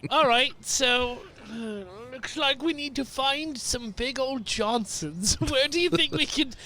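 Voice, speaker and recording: A man's voice: extremely high pitch, slow pace, slight background noise. A man joking around as a player in a tabletop role-playing game. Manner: animated, joking. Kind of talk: casual tabletop play.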